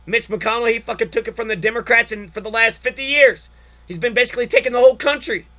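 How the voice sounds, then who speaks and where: Male podcast host, very high pitch, profane, exasperated political rant. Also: fast talker, sharp tone. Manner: heavy swearing, exasperated ranting.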